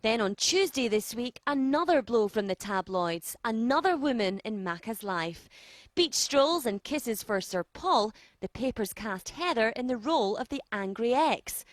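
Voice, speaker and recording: Lively woman news narrator, dry sound. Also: on the high side, a little slow, dry recording. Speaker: TV reporter.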